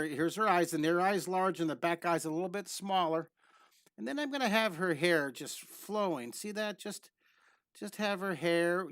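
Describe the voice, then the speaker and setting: A man's voice: sits high, fairly bright tone, no room sound, studio quality. Bubbly man teaching drawing live. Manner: bubbly, rambling, chatty with viewers. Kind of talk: live online drawing lesson.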